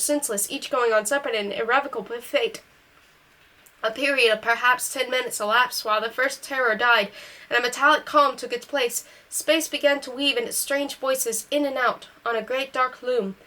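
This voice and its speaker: A woman reading a science fiction short story aloud, in a steady, unhurried storytelling manner that voices the characters' dialogue only lightly. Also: a little high, poor audio. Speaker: reader.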